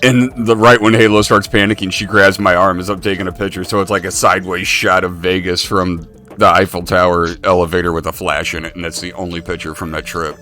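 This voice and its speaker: A male host tells a story, acting out the voices of the people in it. His voice sits very low. Faint music runs in the background. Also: fairly quick, few pauses. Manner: animated storyteller, acts out voices. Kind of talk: casual storytelling chat.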